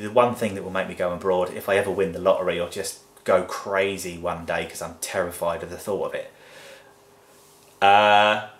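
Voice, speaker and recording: A man's voice: low-pitched, fairly bright tone. A man from England answering viewer questions in a blunt, sweary, chatty vlog. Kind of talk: casual Q&A vlog. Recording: echoey room.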